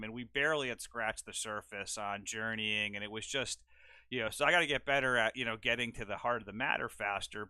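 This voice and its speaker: A man hosting a casual talk show, chatting in an animated, rambling way with quick asides. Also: mid-range voice, smooth, dry recording. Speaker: show host. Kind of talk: casual chat.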